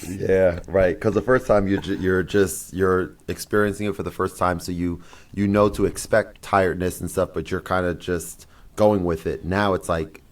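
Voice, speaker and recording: A man hosting a casual interview, joking and laughing easily, often restarting his sentences. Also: deep voice. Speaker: podcast host.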